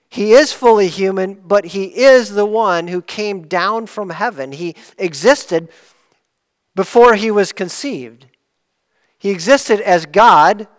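A man preaching a sermon, explaining each point earnestly, rising for emphasis and dropping low to close a point. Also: a bit bright, in a large hall.

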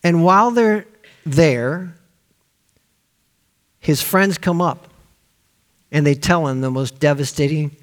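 A male pastor preaching a sermon, telling a story with lively acted-out voices for the people in it. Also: fairly high pitch, takes it slowly, long pauses. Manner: animated storytelling, acting out quoted voices.

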